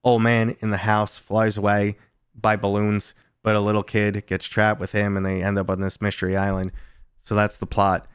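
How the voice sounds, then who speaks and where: A man's voice: on the low side, monotone, moderate pace, clear, resonant tone, no echo, studio quality. A man in his thirties from the United States, chatting casually on a live stream, telling stories loosely and swearing now and then. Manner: casual storytelling, swearing, reading chat.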